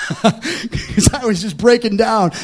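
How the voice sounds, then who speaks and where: A man preaching in a church, moving from hushed storytelling to loud, fervent altar-call exhortation. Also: high-pitched, husky. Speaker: pastor. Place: church service with music behind.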